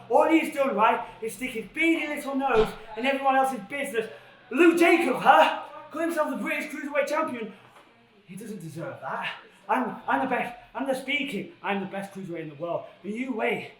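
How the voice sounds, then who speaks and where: A man's voice: very high voice, a bit bright. A man, a pro wrestler, ranting arrogantly and dismissively in a backstage wrestling promo. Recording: roomy hallway audio from far off.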